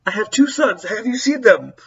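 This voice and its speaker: A man's voice: sits high, big pitch swings, moderate pace, vocal fry, a bit bright, far from the mic, lo-fi sound, voice pushed up, full character voice. A man voicing a frantic mother who is pleading for help to find her two sons.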